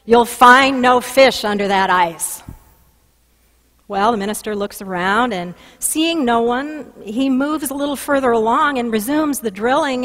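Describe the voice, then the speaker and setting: Woman pastor preaching in a reverberant church. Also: fairly high pitch. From Minnesota. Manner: storytelling with lively emphasis. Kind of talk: sermon. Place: church sanctuary.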